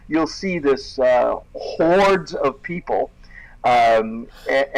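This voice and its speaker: A man's voice: medium pitch, creaky, low-quality recording. A man co-hosting a casual chat, rambling with fillers and laughing as he comments on videos. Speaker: co-host.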